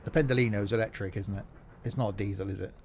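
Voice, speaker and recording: A man casually commenting while playing a train simulator, chatty and self-mocking, quick to exasperation. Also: lowish voice, fairly even intonation, darkish tone, a little hiss or hum.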